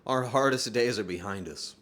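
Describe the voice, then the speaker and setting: A man's voice: mid-range voice, moderate pace, a bit bright. A man streaming live and talking to his chat, earnest and profane, joking and laughing often. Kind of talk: livestream talk to chat.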